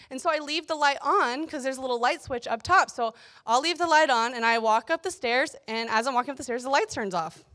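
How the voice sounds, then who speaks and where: A young woman giving a casual devotional talk, chatty and animated, telling stories with playful asides. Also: high-pitched. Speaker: youth speaker.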